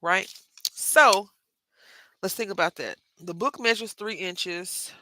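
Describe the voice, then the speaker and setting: Over a noisy background, a woman with a medium-pitched voice speaks slowly. A craft livestream host with a Southern Texas accent, she leads a casual live tutorial in a chatty, rambling way, often saying y'all to viewers.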